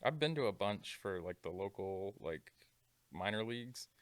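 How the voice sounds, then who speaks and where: A man's voice: lowish voice, animated, moderate pace, no echo. A man co-hosting a podcast, chatting in a laid-back, matter-of-fact way. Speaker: podcast co-host. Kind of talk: casual chat.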